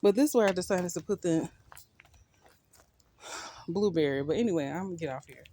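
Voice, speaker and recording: A gardening vlogger chatting casually while walking through an outdoor backyard garden on a phone camera. They are a bit out of breath, laugh often and think out loud. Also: medium pitch, animated, a little fast, slight background noise. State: a bit winded. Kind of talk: casual vlog walk-through.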